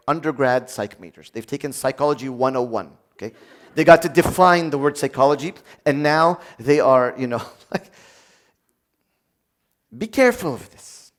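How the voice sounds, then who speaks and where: A middle-aged man preaching a conversational sermon, acting out quoted voices along the way. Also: on the high side.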